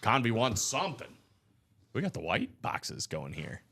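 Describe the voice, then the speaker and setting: Upbeat male breaker who calls spots and hypes the odds, with very animated pitch. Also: unhurried, background noise. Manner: upbeat, slangy, hype-driven. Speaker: card break host. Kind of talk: live stream sales chatter.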